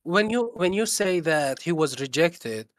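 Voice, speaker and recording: A man's voice: fairly high pitch, lively intonation, unhurried. A man in an online voice-chat debate, pressing his point and repeating words to hold the floor.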